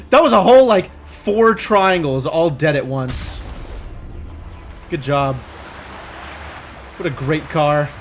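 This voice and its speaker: A young man talks through a game on a live stream, full of dry, sarcastic remarks aimed at himself and his squad. His voice sits a little high and swings animatedly up and down, with faint game music underneath. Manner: wry, sarcastic asides to himself. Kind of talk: casual live gameplay commentary.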